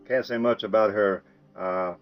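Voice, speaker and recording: A man's voice: fairly low pitch, steady tone, measured pace, clear, resonant tone. An older man from the American South with a Southern accent, talking in a folksy, musing way in a casual monologue to camera. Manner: folksy, musing, soft chuckles. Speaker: vlogger. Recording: muffled with soft music underneath.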